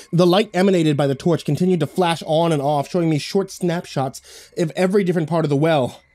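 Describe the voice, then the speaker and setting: A man tells a first-person horror story in a dramatic, scripted style. His voice is mellow and dark yet sits a bit high, recorded close and dry on a studio microphone. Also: no echo.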